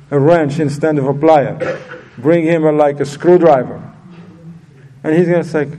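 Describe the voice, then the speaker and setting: Heard from a distance with a bit of background noise, a man with a mellow, somewhat high voice teaches an informal religious lesson. His style is chatty, and he regularly asks the audience questions.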